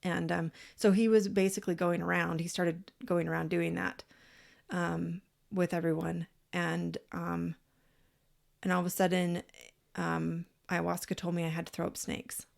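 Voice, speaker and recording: Woman cohost rambling through a story, lowish fry-heavy voice, acts out the quotes, swears a bit. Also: flat delivery, measured pace. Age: parent, adult. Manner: frank, swears casually. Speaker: podcast co-host. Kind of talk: casual storytelling chat.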